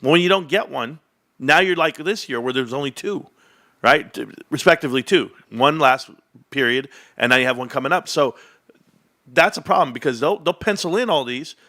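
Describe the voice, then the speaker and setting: A man hosting a casual livestream, talking about stocks in an animated, boastful, rambling way. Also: on the high side, normal speed, dry recording, studio quality. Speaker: host.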